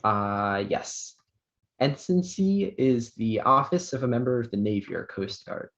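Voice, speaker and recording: A man acting as pronouncer at an online spelling bee, reading words and definitions in a measured way with small fillers. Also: mid-range voice, lively intonation, fairly bright tone. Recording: dull lo-fi online audio.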